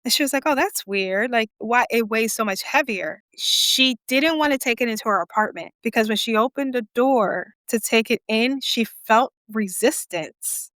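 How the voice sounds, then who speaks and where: Animated woman telling a creepy story. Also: fairly high pitch, normal speed, few pauses, no room sound, clean studio sound. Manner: animated, acts out quoted voices, sassy asides. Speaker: podcast co-host. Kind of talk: casual storytelling chat.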